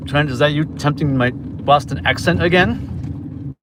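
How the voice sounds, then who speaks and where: A man's voice: fairly high pitch, unhurried. A man from New York chatting casually with viewers on a livestream while he drives deliveries in his car, with road noise behind him. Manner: chatty, talks to viewers while reading orders aloud. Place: inside a car on city streets. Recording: phone mic with road noise. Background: car and traffic noise.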